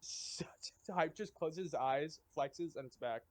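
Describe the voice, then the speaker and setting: A man's voice: fairly high pitch, slow, darkish tone, dry recording. Sarcastic, exasperated young man player. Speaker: tabletop game player. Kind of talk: casual in-character play.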